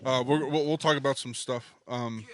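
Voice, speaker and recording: A man's voice: mid-range voice, steady tone, normal speed, no echo, clean studio sound. A man co-hosting a podcast in casual chat, laid-back and swearing freely with lots of fillers. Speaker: podcast co-host.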